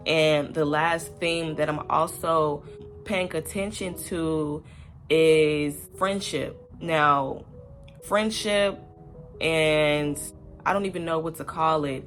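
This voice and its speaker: A woman's voice: sits low, fairly bright tone. A young woman talking casually to camera in a rambling, candid commentary vlog, swearing freely and piling up fillers. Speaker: vlogger.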